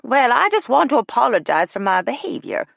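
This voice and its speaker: Fussy older woman, prim and touchy, voiced high by a female narrator. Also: big pitch swings, fairly quick, vocal fry, a bit bright, dry recording, exaggerated voice. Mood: huffy. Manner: prim, huffy, high-strung.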